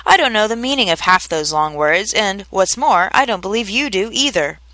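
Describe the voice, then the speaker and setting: A woman's voice: mid-range voice, animated, moderate pace, bright, forceful tone, no echo. A woman voicing a cheeky, impatient young eaglet in a storybook reading.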